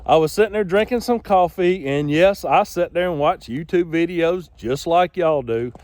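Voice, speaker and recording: A man's voice: fairly high pitch, normal speed, a little mellow, dry recording. Folksy man rambling outdoors. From Alabama. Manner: rambling, folksy, self-correcting. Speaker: outdoor channel host. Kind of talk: casual outdoor vlog. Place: outdoors in burned woods.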